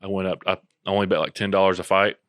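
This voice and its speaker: A young man co-hosting a podcast in casual chat, low-key and laid-back, often trailing off. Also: level tone, quick pace, fairly bright tone, no room sound, clean studio sound. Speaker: podcast co-host.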